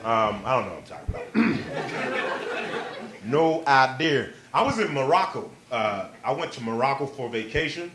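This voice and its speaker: A male stand-up comedian performing a live set on a club stage, excitable and playful, working the crowd and leaping into squealing quoted voices. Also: mid-range voice, moderate pace. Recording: live club recording with crowd laughter and noise.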